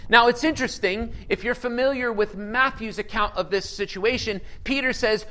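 A man with a high-pitched voice delivers a sermon with lively energy. He keeps asking his listeners questions and reads scripture aloud with dramatic emphasis. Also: normal speed, few pauses, rough recording. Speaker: pastor.

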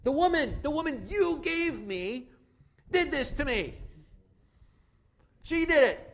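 A preacher putting on a panicked man shoving the blame away, pitched well above a normal speaking voice. He sounds whiny and defensive, and his voice jumps from loud bursts to a pinched, narrow tone. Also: animated, takes it slowly, full character voice. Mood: accusing. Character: panicked first man blaming his wife.

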